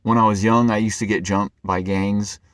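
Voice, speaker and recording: A man's voice: on the low side, little pitch movement, moderate pace, no room sound, studio quality. A man telling a personal story to camera in an earnest, rambling way, often stumbling and repeating his words. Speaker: vlogger.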